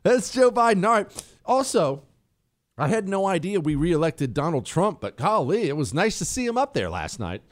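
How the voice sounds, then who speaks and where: Animated sarcastic male radio host. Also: on the high side, normal speed. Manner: animated, sarcastic and self-mocking. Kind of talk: casual talk radio monologue.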